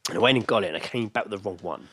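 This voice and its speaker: A man co-hosting a podcast, telling stories quickly in casual chat, swearing and acting out what people said. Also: lowish voice, fairly bright tone, slightly rough, no echo, studio quality. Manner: rapid storytelling, swearing, acting out quotes. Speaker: podcast co-host.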